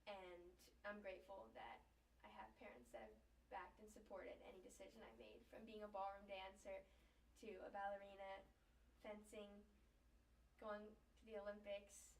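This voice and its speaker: A woman's voice: mid-range voice, moderate pace. A young woman, an Olympic skateboarder, telling her story casually in an interview with lots of "like" fillers. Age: young adult. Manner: chatty, lots of "like" fillers, emotional. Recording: echoey room, distant mic, faint noise.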